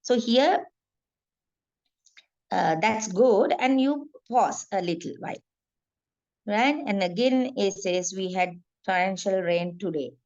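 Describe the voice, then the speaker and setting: A woman teaching a class over a video call, her voice sitting at a middle pitch. She talks in a steady explaining manner, full of hesitations and check-ins with the students. The audio comes through a bit dull and muffled. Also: takes it slowly, long pauses. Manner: frequent fillers and checking questions. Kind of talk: online lecture.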